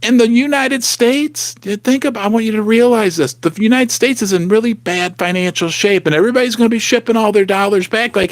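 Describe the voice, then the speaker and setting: A middle-aged man with a fairly high voice hosts a live stream from his basement. He is animated and emphatic and speaks straight to his viewers. The sound is dry and close, with no room echo. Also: brisk, few pauses. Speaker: livestream host. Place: home basement.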